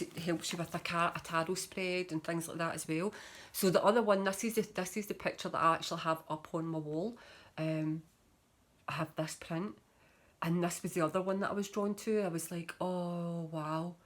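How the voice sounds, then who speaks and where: Chatty, gushing woman, slightly low. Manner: chatty and gushing, with frequent fillers. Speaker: tarot reader. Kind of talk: casual show-and-tell vlog.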